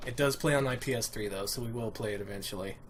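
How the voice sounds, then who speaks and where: A man's voice: mid-range voice, fast, over music. A man giving casual live-stream commentary while playing a retro game, with dry, wry remarks.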